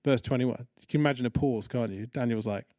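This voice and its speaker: A man preaches a sermon in a conversational, animated storytelling style, acting out the people he describes. He talks fast at medium pitch, with no echo.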